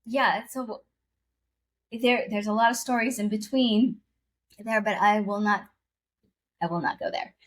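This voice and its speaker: A woman's voice: mid-range voice, steady tone, measured pace, pauses often. A woman guest telling a personal story in conversation, earnest and emotional, often repeating her phrases.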